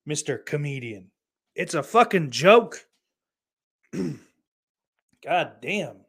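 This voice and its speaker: A man's voice: a little high, very animated, slow, fairly bright tone, slightly rough. A man with a Southern US accent, hosting and reading chat messages aloud, rambling and swearing bluntly. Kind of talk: casual chat.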